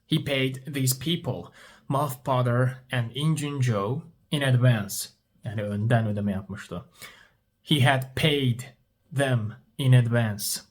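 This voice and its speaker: A man teaching English through stories, Turkish being his first language, asks a question, repeats it, and gives the answer himself. He speaks slowly in a mid-range voice.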